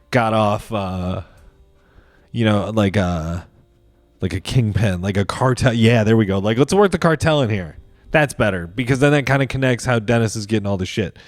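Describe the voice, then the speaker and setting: Speaking at a measured pace in a lowish voice, a solo comedy podcast host makes up a film plot as he goes. His riffing is casual, rambling, and full of cursing, and the audio has no echo.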